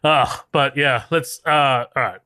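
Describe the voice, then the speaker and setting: A man from Australia, co-hosting a casual film podcast in a relaxed, profane, chummy way. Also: mid-range voice, unhurried, no echo, clean studio sound. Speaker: podcast co-host.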